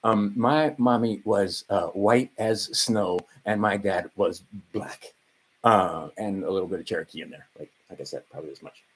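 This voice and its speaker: A man's voice: on the low side, moderate pace, fairly bright tone, breathy edge, rough recording. A man of around 60 from Hawaii, rambling through a profane vlog monologue full of fillers and asides. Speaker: vlogger.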